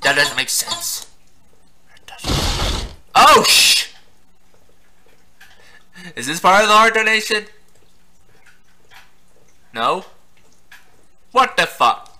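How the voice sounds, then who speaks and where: Bright, lively young man doing game commentary. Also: high voice, slow pace, long pauses. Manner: laughs often, swears, yelps at in-game surprises. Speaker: gameplay commentator. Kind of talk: casual let's-play commentary.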